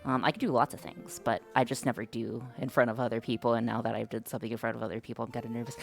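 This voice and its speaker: A woman's voice: very deep voice, flat delivery, rapid-fire, creaky, soft background music. A woman streamer chatting casually with her viewers, hesitant and self-conscious, with many fillers. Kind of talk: casual live-stream chat.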